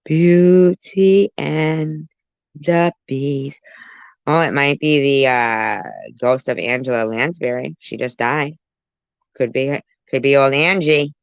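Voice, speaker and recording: A woman's voice: a bass voice, a little slow, fairly bright tone, smooth, dry recording. A woman hosting a reaction commentary, talking back at a clip with sarcastic, mocking asides. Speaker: commentary channel host. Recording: muffled lo-fi audio.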